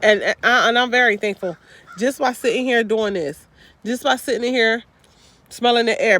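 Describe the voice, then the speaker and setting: Upbeat woman talking into her phone in a parked car, high voice, keeps repeating her pep talk. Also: moderate pace, fairly bright tone. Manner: upbeat, repetitive, slangy encouragement. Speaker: vlogger. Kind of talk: motivational casual talk to camera. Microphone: handheld phone.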